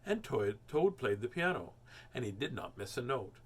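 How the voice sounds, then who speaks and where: A man reading a children's storybook aloud as host, expressive and animated. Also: medium pitch, moderate pace, husky. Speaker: children's book reader, host.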